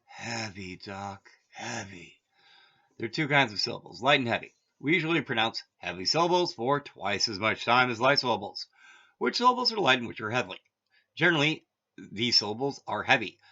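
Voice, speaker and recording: Bright-voiced man reading a lesson. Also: medium pitch, very animated, fast. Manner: reads text then adds offhand asides. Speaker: language teacher. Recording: dull lo-fi audio.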